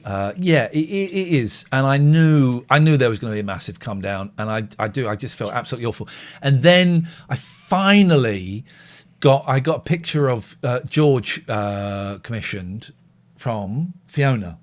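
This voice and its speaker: A man's voice: medium pitch, animated, normal speed. A middle-aged English man hosting a live show, chatting candidly and rambling, reading listener messages aloud. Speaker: radio show host. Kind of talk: casual live show chat.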